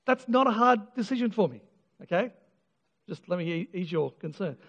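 Brief: male pastor, high voice, earnest sermon delivery, heard on a dull, lo-fi recording in a reverberant hall. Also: lively intonation, moderate pace, fairly bright tone. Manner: earnest, emphatic, with repeated restarts and self-deprecating humour. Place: church. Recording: dull lo-fi sound with long church reverb.

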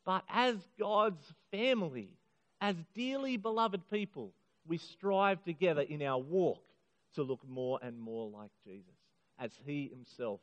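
A middle-aged man preaching a sermon to a congregation, earnest and emphatic, slowing down on key phrases. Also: on the high side, animated. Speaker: pastor. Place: church hall. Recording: muffled sound in a hall with long reverb.

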